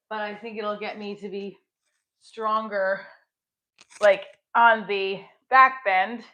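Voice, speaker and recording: A woman's voice: medium pitch, steady tone, slow, bright, forceful tone. A middle-aged woman hosting a casual livestream, chatting while she exercises, with small effortful grunts. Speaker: livestream host.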